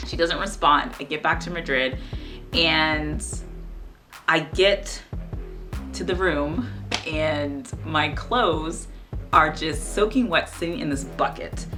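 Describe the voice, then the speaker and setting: A young woman with a low voice tells a story on her vlog in an animated, exasperated way, filling her speech with "like". Music plays clearly underneath her. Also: normal speed. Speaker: vlogger.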